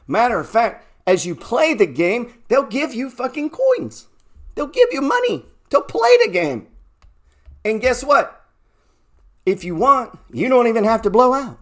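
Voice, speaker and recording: A man giving a trading talk, cursing often and firing rhetorical questions, swinging between loud bursts and low murmurs. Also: big pitch swings, moderate pace. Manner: profane, emphatic, rhetorical questions. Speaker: trading educator. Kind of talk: motivational talk.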